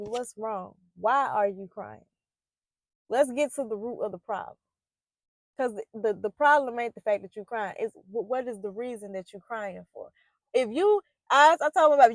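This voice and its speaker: A woman speaks in a fairly high voice, recorded close and dry with no room echo. Her monologue is earnest and loose, full of fillers and false starts. She grows forceful and emphatic when she presses her points. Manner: earnest and heartfelt, loose with many fillers and restarts. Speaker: poet and parenting vlogger. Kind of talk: reflective monologue to camera.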